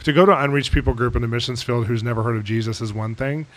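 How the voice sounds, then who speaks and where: A man's voice: mid-range voice, rapid-fire. A man hosting a podcast interview, telling a story with rising enthusiasm. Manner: animated storyteller, swells with enthusiasm. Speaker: podcast host.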